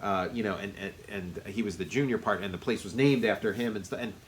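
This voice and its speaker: A man's voice: lowish voice, fast, a little hiss or hum. A man co-hosting a casual movie review podcast, rambling and circling back with many fillers. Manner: rambling, lots of fillers and restarts. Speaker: podcast co-host.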